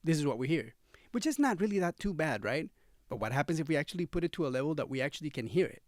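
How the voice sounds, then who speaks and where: With big pitch swings and a fast delivery, a slightly high-voiced gear reviewer eagerly chats to camera, treating the viewer as his friend. He swaps between studio mics, recorded close in a dead, dry home studio with no room sound.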